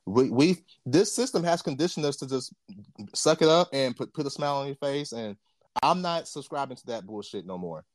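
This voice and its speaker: A man's voice: medium pitch, expressive, a little fast, dry recording. Blunt, profane young man. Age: 20s. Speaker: podcast co-host. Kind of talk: casual chat.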